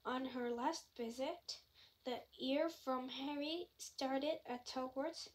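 Slow, high-voiced woman reading a novel aloud. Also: fairly even intonation, low-quality recording. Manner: careful reading with slips and restarts. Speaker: reader.

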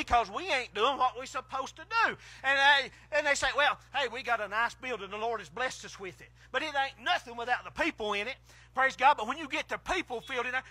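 High, bright-voiced fiery preacher. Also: male voice, no echo. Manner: swings between hushed and shouted exclamations. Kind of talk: fiery country sermon. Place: outdoor drive-in church service.

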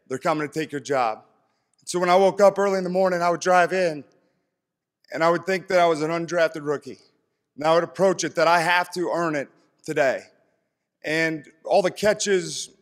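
A man in his thirties from East Tennessee giving an earnest, heartfelt acceptance speech on a stage. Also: high-pitched. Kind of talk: speech to an audience. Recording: long hall reverb from PA.

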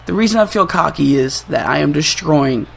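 Young guy w a gravelly kinda high voice, hyped gameplay commentary, trash talks and cracks up a lot. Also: moderate pace, slight background noise. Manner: excitable, trash-talking, laughs often. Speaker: gaming channel host.

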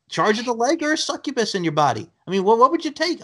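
A man's voice: very high-pitched, very animated, fast talker, fairly bright tone. A man hosting a podcast, bantering and teasing his guest in casual chat. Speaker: podcast host.

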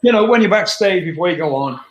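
A man's voice: sits high, lively intonation, fast. An older man, a rock singer speaking as an interview guest in a candid, blunt chat, swearing freely. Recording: roomy echo.

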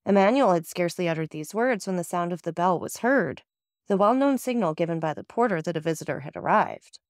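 A woman's voice: lowish voice, animated, fairly quick, darkish tone, no room sound, clean studio sound. Woman reading a classic novel aloud. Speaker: audiobook narrator. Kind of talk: scripted narration.

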